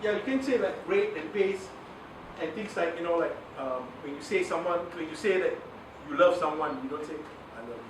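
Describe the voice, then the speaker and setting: High-voiced man teaching in an echoey hall. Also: fairly quick, noisy background. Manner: animated, laughs often, acts out examples. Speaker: communications trainer. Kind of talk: lively workshop talk. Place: large room with audience. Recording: very echoey room, voice from far off.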